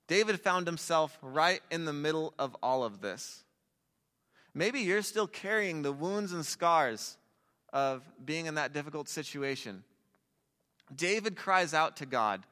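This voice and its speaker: Guy preaching a sermon, chatty and jokey, bright voice, big reverby hall. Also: a little high, lively intonation, a little slow. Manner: casual, conversational preaching with asides to youth. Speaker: pastor.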